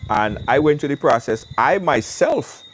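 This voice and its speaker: Animated man talking outdoors. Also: mid-range voice, measured pace, a little hiss or hum. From Caribbean. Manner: animated, emphatic repetition. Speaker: show host. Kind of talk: casual call-in talk. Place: outdoors, windy.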